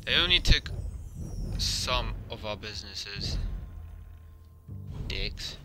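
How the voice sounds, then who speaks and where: A man's voice: fairly low pitch, animated, takes it slowly, music in the background. A man giving casual, jokey let's play commentary. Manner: casual, mock-angry, jokey. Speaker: gamer. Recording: commentary over loud game audio.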